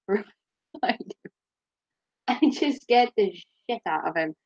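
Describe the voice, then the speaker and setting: A woman's voice: mid-range voice, lively intonation, takes it slowly, a little mellow, lo-fi sound. A woman chatting casually on her live stream, giggling often and swearing freely. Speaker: livestreamer.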